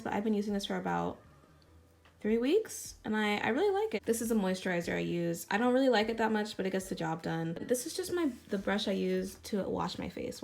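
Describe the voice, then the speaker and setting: Here a young woman vlogger, voice creaky and medium in pitch, sounds half-awake as she does her morning makeup. Her get-ready-with-me talk is loose, chatty, and laid-back, the kind of rambling a beauty vlogger does on camera.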